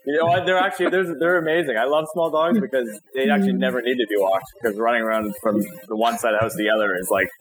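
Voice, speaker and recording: A man's voice: mid-range voice, quick pace, few pauses, poor audio. A man in his thirties, a guest on an interview show, talking in a friendly, rambling way with many restarts. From Canada. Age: 30s. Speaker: guest, real estate broker. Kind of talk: casual interview chat.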